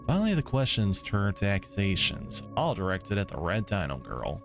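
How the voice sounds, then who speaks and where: A man's voice: low-pitched, sing-song, moderate pace, music in the background. A man streaming a visual novel, reading the story aloud with laid-back commentary, swearing asides and chuckles. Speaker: let's play streamer.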